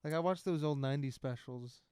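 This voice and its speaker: A man's voice: fairly high pitch, fairly quick, warm tone, clean tone, dry recording, clean studio sound. A young man co-hosting a podcast, laid-back and casual, often stumbling over his words. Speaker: podcast co-host. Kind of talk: casual chat.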